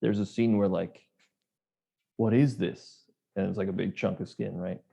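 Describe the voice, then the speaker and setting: Gravelly low-voiced man, rambling podcast chat. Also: little pitch movement, fairly quick, warm tone. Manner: loose, rambling, swears, acts out quotes. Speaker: podcast co-host. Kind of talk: casual chat.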